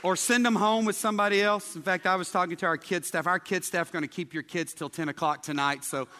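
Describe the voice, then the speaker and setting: A man preaches a lighthearted sermon to his congregation. His voice sits high and sounds bright and forceful, and he keeps tossing questions out to the crowd. A long reverb from the church hall trails after his words. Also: steady tone, fast. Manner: chatty, asks the congregation questions. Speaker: pastor. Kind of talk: humorous sermon. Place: church sanctuary.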